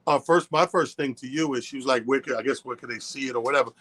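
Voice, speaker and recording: A man's voice: mid-range voice, quick pace, fairly bright tone. A man, a comic co-hosting a radio show, chatting loosely and swearing casually. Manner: loose, profane, conversational.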